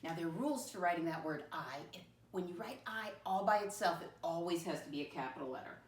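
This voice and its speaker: Lively sing-song woman teacher. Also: on the low side. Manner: sing-song, slow and deliberate, spells words out. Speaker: first grade teacher. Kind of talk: classroom lesson to young children. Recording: roomy classroom, mic at a distance.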